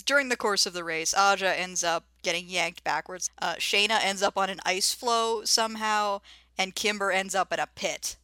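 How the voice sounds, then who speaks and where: A woman's voice: medium pitch, normal speed, sharp tone. A woman co-hosting a podcast, recapping a cartoon plot in a wry, dry storytelling manner. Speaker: podcast co-host. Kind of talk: casual recap chat.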